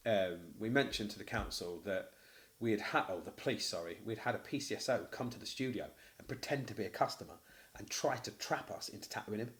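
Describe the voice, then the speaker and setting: A man with a Mancunian accent, a tattoo studio owner, telling a story in casual podcast chat, blunt and animated, swearing freely. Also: fairly low pitch. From Manchester, England.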